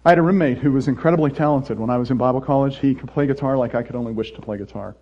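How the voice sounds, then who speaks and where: A middle-aged man preaching a sermon as pastor, playful and animated, jumping from loud mock voices to quiet earnest asides. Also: medium pitch, very fast, dull audio.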